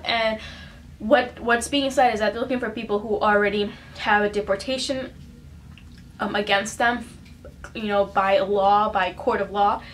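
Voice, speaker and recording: A young woman speaks straight to camera in a casual vlog, earnest and close to tears. Her voice sits at an ordinary middle pitch, and she talks in a halting way with lots of "um" and "like." A faint hum of background noise runs under her. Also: fairly bright tone. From United States. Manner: emotional, earnest, full of fillers and restarts. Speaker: vlogger. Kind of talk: casual personal vlog talk.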